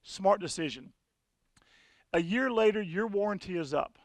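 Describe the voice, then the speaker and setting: A man's voice: high-pitched, lively intonation, normal speed, dry recording. A man giving a folksy, conversational sales presentation to an audience at a conference session.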